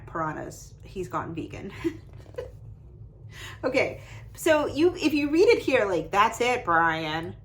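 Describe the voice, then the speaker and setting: A young adult woman hosting a lesson, talking casually and brightly about reading to children as she shows pages of books. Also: mid-range voice, slow, pauses often, low-quality recording. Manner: lively and chatty, showing off book pages. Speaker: host giving read-aloud tips to parents. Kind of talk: casual instructional talk.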